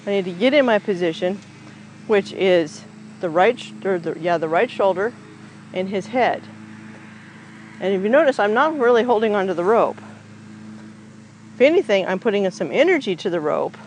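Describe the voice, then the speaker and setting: A horse trainer talks through a groundwork session outdoors in a relaxed, chatty way. The speaker's pitch sits mid-range, and a faint outdoor hiss runs underneath. The voice is picked up by a camera standing nearby. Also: moderate pace, pauses often, rough recording. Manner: chatty, explains each step aloud, talks to the horse in coaxing baby talk. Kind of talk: casual explanatory groundwork demo. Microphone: camera set up nearby on the ground.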